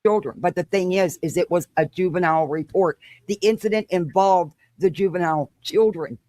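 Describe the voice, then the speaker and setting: A woman on a livestream panel lays out her stance in firm, measured terms. Her voice comes across dry and close, with no room sound around it. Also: lowish voice, mellow, dry recording.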